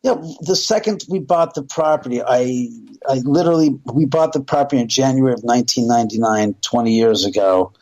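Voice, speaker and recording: Man, middle-aged, radio guest, rambling storyteller, animated, quotes dialogue. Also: medium pitch, a little fast, rough recording. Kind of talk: casual storytelling on a radio interview.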